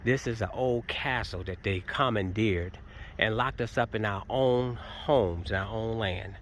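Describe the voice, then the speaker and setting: A man's voice: lowish voice, measured pace, a bit bright, slight background noise. A man giving impassioned guided commentary outdoors, pointing things out as he goes.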